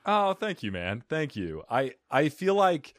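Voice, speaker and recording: A man with an Italian accent, whose first language is Italian, hosting a podcast in a smooth, radio-style manner. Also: on the high side, very animated, unhurried. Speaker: podcast host. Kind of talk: casual podcast interview.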